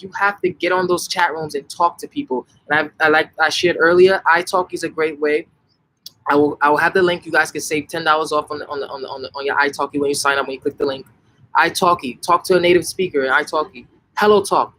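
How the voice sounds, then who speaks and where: Young New guy, slightly high voice, loose live-stream Q&A host, punchy and animated. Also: rough recording. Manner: animated, emphatic, frequent self-corrections and "like". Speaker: language-learning channel host answering viewer questions. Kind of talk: casual live Q&A.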